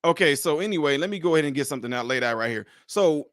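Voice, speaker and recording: A man's voice: on the high side, lively intonation, very fast, a bit bright, dry recording, clean studio sound. A man hosting a casual livestream, talking straight to his viewers, repeating his points emphatically. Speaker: livestream host.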